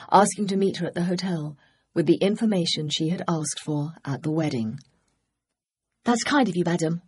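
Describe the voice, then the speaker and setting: A woman narrating a cozy mystery audiobook, measured and poised. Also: on the low side, warm tone, breathy edge. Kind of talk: scripted narration.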